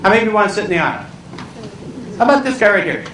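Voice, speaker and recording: Male comic keynote speaker, high lively voice, story-driven stand-up, recorded from afar in an echoey hall with room noise. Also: rapid-fire, far from the mic. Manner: animated, acts out voices, squeals and cries out for comic effect. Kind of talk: stand-up storytelling to a live audience. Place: large hall with a live audience.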